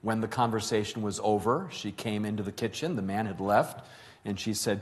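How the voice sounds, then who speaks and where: Man, middle-aged, sermon, low voice, earnest storytelling, emphatic. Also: moderate pace. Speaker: preacher.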